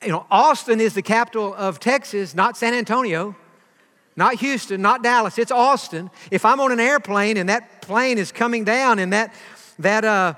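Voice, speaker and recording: Man in his fifties, preacher, high voice, earnest sermon, echoing church hall. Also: moderate pace, bright, forceful tone. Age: 50s. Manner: earnest, repeats words while building a point.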